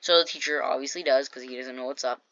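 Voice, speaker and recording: A woman's voice: a bass voice, steady tone, fast, fairly bright tone, no room sound, lo-fi sound. A woman casually telling a storytime vlog, chatty and jokey, acting out what people said. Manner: chatty, jokey asides, acts out quoted lines. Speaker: storytime vlogger.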